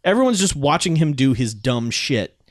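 A man co-hosting a casual podcast, recapping a movie in an animated way and laughing often. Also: mid-range voice, normal speed, no echo, clean studio sound. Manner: animated storyteller, acts out bits, laughs often. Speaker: podcast co-host.

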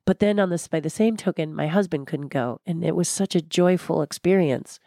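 An older woman being interviewed, talking in a passionate, blunt and animated way. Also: lowish voice, a little fast, gravelly, no room sound, studio quality. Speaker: guest, former theme park designer. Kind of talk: candid interview conversation.

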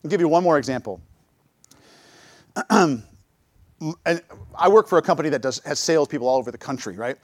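A man's voice: fairly high pitch, a little fast, pauses often, no room sound. A middle-aged man giving a church talk, telling personal stories and acting out what he and others said. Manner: lively storytelling, acts out his own quotes. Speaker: church speaker.

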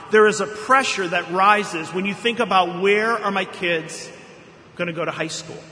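High bright guy preaching, earnest storyteller, big echoey church hall sound. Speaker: pastor. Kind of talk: sermon. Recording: echoey hall reverb, faint room noise.

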